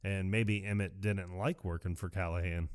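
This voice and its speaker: A man on a podcast talks through a movie scene by scene, slipping into quick impressions of the characters as he goes. His voice sits a little low and the sound is close and dry, with no room around it. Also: clear, resonant tone, no echo. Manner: animated retelling, acting out lines in quick voices. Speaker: podcast co-host. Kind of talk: casual movie recap chat.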